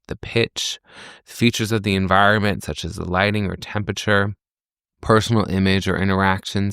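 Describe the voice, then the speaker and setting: A man's voice: fairly low pitch, fairly bright tone, dry recording, studio quality. A man, a communication professor, explaining concepts in a conversational teaching style with rhetorical questions and everyday examples. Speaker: communication professor and podcast host. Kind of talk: lecture-style podcast.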